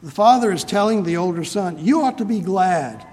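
A man delivers an expository sermon, reading verses and then unpacking them with earnest emphasis. His voice sits a little high. It carries a long reverb from a large hall. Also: lively intonation, darkish tone. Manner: earnest, emphatic, slows on key phrases. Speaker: preacher.

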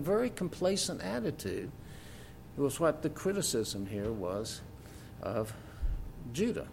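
A man's voice: medium pitch, very animated, measured pace, gravelly, a little mellow, a little hiss or hum. A man preaching a sermon, reading scripture aloud and adding folksy, joking asides with frequent fillers.

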